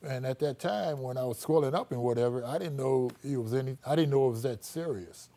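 A middle-aged man, a former athlete, telling his story in a relaxed interview, full of "you know" and acted-out quotes. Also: mid-range voice, fairly quick.

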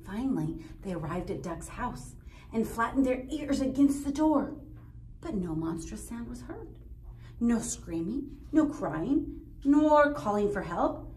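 A woman reading a children's storybook aloud as a teacher, expressive and playful, explaining the story to children afterward. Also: fairly high pitch, a little slow, slight background noise. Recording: roomy echo, distant mic.

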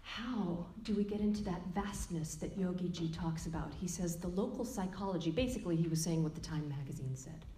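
Middle-aged woman teaching yoga, mellow voice, leans hard on words, roomy echo. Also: lowish voice. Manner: earnest, emphatic, stretches key words slowly. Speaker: yoga teacher giving a lecture. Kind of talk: spoken lecture quoting a teacher. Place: yoga studio room. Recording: echoey room.

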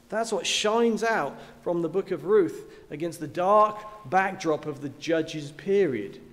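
A man preaching a sermon in an earnest manner, often asking his listeners questions and repeating key words. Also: high-pitched. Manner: earnest, with rhetorical questions and repetition. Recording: long hall reverb.

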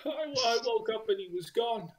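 A man's voice: very high-pitched, animated, normal speed, a little hiss or hum, voice pushed up. Man doing a stammering, panicky little father. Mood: lost. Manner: stammering, pleading. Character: anxious, panicky human father, small man.

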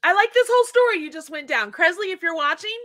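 A woman's voice: very high voice, expressive, fast talker, fairly bright tone, dry recording, studio quality. A woman co-hosting a casual book club chat, an eager and supportive listener who laughs easily.

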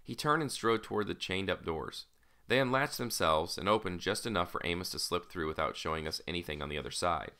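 A man's voice: sits low, a little fast, pushed and bright. A man narrating an audiobook in the first person, in a casual, wry storytelling manner.

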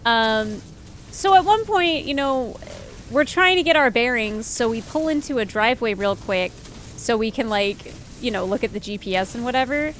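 A woman's voice: a little high, animated, moderate pace, a bit bright, a little hiss or hum. A young woman streamer chatting casually while playing, rambling through stories with lots of fillers. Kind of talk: casual gameplay chat.

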